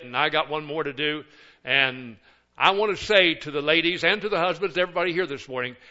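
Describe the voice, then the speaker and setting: A man's voice: fairly high pitch, bright, forceful tone, dull audio. An older man, a pastor of many years, preaching a sermon with folksy, joking asides.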